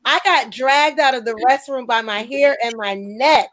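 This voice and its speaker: A woman's voice: fairly high pitch, normal speed, no room sound, poor audio. A young woman, a show host telling a story in casual chat and acting out the voices she quotes. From New Jersey. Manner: lively, acts out quoted voices.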